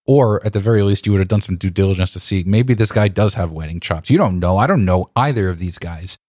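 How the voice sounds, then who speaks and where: Low-voiced man co-hosting a podcast. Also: fast talker, no echo, clean studio sound. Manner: animated, indignant, stumbles over restarts. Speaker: podcast co-host. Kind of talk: casual podcast chat.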